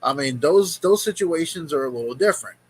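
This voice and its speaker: A man's voice: a little high, animated, brisk, husky, low-quality recording. A man hosting a reaction video, giving blunt, profane advice in casual commentary. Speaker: vlog host reacting to a video.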